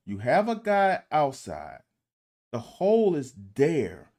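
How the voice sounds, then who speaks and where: A man talking through football game film in a casual, exasperated way, cursing at bad plays and speaking straight to his viewers. His pitch swings widely, rising and dropping as he reacts. He takes his time, with an unhurried pace between points. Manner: animated, exasperated coaching critique with swearing; addresses viewers directly as "y'all". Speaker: football film breakdown host.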